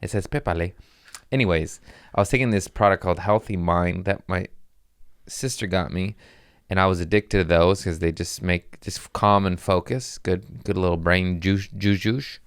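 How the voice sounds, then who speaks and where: Male comic podcast host, deep and clean-toned, rambling and goofy, dry studio sound. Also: normal speed, clear, resonant tone, no room sound. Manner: rambling, self-mocking, playful voice shifts. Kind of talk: casual comedic monologue.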